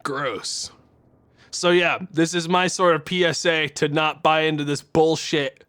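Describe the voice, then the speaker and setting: Bright-voiced man in a profane streamer rant. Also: on the high side, steady tone, measured pace, clear, resonant tone. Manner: profane, exasperated ranting. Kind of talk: angry live-stream rant.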